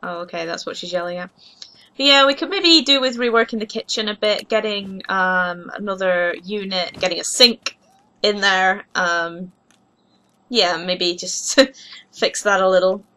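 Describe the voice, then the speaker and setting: Bright, excitable young woman gaming host. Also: medium pitch, measured pace. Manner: excitable, gushing over cute pets. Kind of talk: casual gameplay commentary.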